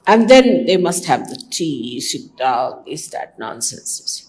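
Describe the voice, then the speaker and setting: A woman's voice: very deep voice, big pitch swings, a little slow, a little mellow. An older woman from India, a spiritual teacher giving a conversational devotional talk to her followers, teasing and mimicking others. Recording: archival talk recording.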